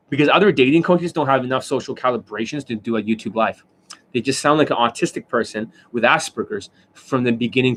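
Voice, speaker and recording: A man's voice: mid-range voice, a bit bright. A man ranting as a dating coach on a livestream, profane and mocking, who keeps demonstrating and asking whether you see it. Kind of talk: livestream rant.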